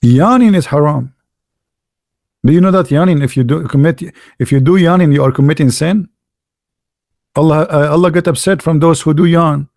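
Male host, mocking polemical monologue, repeats words for emphasis, fairly high voice, dry room. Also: moderate pace, gravelly, pauses often, a little mellow, dry recording. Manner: mocking, with rhetorical questions. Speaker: channel host.

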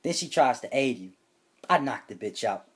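A young man telling a comedic, profane story for his vlog, reading chat screenshots aloud with loud, animated bursts. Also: medium pitch, moderate pace, breathy edge.

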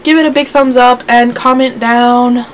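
A sassy teenage girl vlogging about her pet peeves, rambling and getting fired up as she goes. Her voice sits a little on the high side. A faint hiss of noise runs under the recording. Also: steady tone, poor audio. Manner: sassy, rambling, quick to get worked up. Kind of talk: casual rant to camera.

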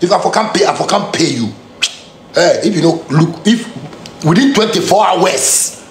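A man speaks with a strong Ghanaian Pidgin English accent, his voice sitting high and leaping all over the place as he rants. He is confrontational and streetwise, hammering the same phrases again and again. The room is echoey, with a faint hiss of noise underneath. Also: expressive, normal speed. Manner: confrontational, heated, streetwise slang, repeats phrases. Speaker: musician. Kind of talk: angry direct-to-camera rant.

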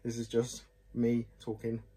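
A man's voice: mid-range voice, completely flat delivery, a little slow, mellow, husky. A man reviewing whisky glasses in a chatty, rambling, self-deprecating way, often apologising. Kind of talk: casual chat to camera.

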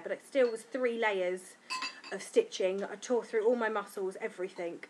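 Worn out from lack of sleep, a woman tells her birth story in a casual vlog, chatty, frank and giggly as she acts out quotes. Her voice is mid-range at a moderate pace, with slight background noise.

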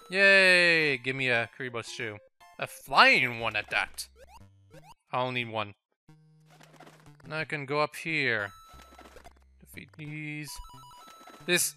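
A man's voice: medium pitch, pushed and bright, clean tone. A man with a French accent hosting a game video, chatting and laughing through casual let's-play commentary aimed at the level maker. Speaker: gaming channel host.

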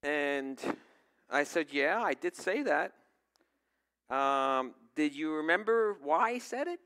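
A man's voice: a little high, expressive, takes it slowly, sharp tone. A male pastor preaching a sermon, telling a personal story in a conversational way and putting questions to the congregation.

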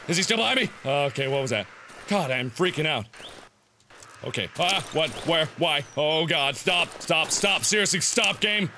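A young man narrates his horror game run in a high, swooping voice, talking to the screen and yelping whenever something startles him. Loud game noise sits behind him the whole time. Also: lively intonation, moderate pace. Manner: jumpy, yelps and shouts when startled, talks to the game. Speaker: gameplay commentator. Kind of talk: horror game let's play commentary.

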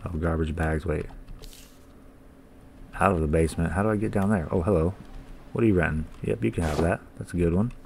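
A man's voice: sits low, a little fast, creaky, pauses often, a little mellow, slight background noise. A young man giving let's-play commentary, reading game lines aloud, swearing casually and laughing often. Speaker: gaming channel host.

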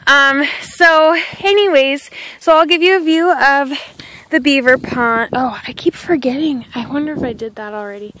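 Chatty high-voiced woman walking outdoors. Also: moderate pace, a bit bright, slight background noise, poor audio. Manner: chatty and rambling, talks to her dog. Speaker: vlogger. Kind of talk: casual walking vlog. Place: outdoors on a country path. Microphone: handheld phone camera.

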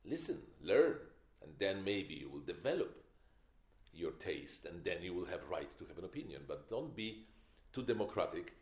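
Giving a masterclass lecture on film, an older man speaks in a low, expressive voice at normal speed. His delivery is opinionated and emphatic, punctuated by wry stories. The lecture hall recording sounds echoey.

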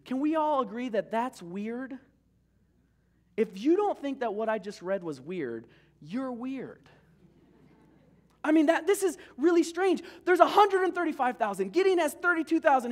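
A man's voice: sits high, very animated, moderate pace. A man preaching a sermon as pastor, telling the story in a casual, joking way.

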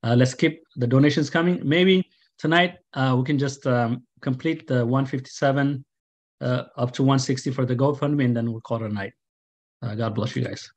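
A man's voice: medium pitch, fast talker. A man reading out donation totals for a fundraiser, listing figures with frequent fillers and restarts. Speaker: fundraiser announcer.

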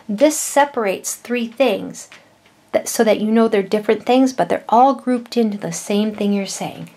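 A middle-aged woman, a mother, patiently explaining vowels and punctuation to young children, with slow, drawn-out words. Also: medium pitch, a little mellow. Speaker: children's educational video host.

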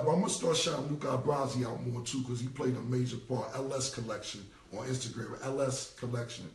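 A man's voice: medium pitch, gravelly, a little mellow. A forty-year-old man, talking bluntly and repetitively in heavy slang as an interview guest. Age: 40s. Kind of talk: casual interview talk. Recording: roomy, distant from the mic.

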